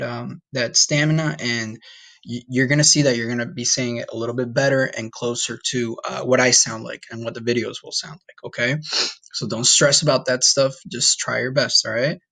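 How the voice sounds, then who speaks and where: A man teaching a recorded Spanish lesson to students, encouraging and casual, slowing down to model each word. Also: mid-range voice, fairly even intonation, fairly bright tone. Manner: encouraging, talks straight to students, repeats words slowly to model pronunciation.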